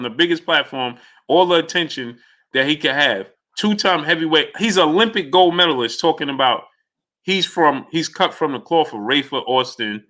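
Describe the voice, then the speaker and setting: A man hosts a casual live stream with a bright, forceful voice. He talks in an animated way and greets viewers by name between remarks. His pitch sits in the middle range.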